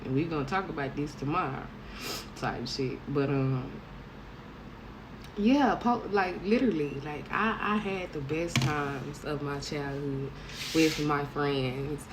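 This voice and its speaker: Low-voiced blunt woman in her thirties. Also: slow pace, background noise. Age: 30s. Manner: blunt, profane storytelling with bursts of laughter. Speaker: vlogger. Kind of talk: casual monologue to camera.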